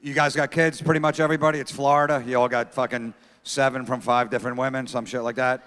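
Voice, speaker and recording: A man's voice: medium pitch, level tone, quick pace, a bit bright. A middle-aged man doing stand-up comedy on a theater stage, telling brash, profane stories and talking to the crowd. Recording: long theater reverb.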